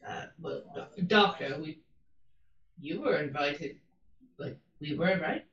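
A woman's voice: low voice, takes it slowly, distant mic, dull audio. A woman playing in a tabletop game, speaking in character in a hesitant, stumbling way. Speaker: player. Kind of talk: in-character tabletop role-play. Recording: roomy echo.

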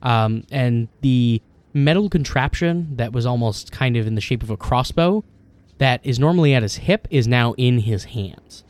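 Male game master, mid-pitched voice, descriptive narration, hesitant fillers. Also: expressive, normal speed, a little mellow.

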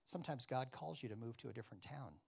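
A man preaching a sermon, acting out dialogue and questioning his congregation, loud one moment and quiet the next. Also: mid-range voice, quick pace, vocal fry, husky. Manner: animated, acts out biblical dialogue with wide swings in loudness; addresses the congregation with questions and asides. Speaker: pastor.

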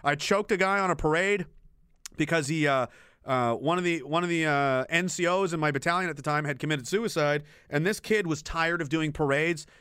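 A young man, speaking in a fairly high, smooth, resonant voice. It sounds dry and close, with no room echo. He rants bluntly and profanely as a streamer, trailing off and restarting his sentences. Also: moderate pace, bright, forceful tone. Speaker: streamer and military veteran. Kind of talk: casual unscripted rant.

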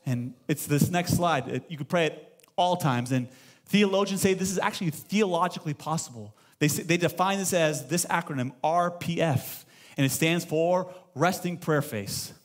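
A man's voice: on the high side, moderate pace. A man in his thirties, a pastor giving a sermon in a church and telling stories with acted-out dialogue. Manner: animated storytelling, acts out dialogue. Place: church sanctuary.

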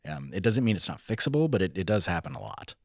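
A man's voice: deep voice, sing-song, fast, dry recording, clean studio sound. A man in a casual discussion who agrees readily and gives plain business examples. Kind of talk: conversational discussion.

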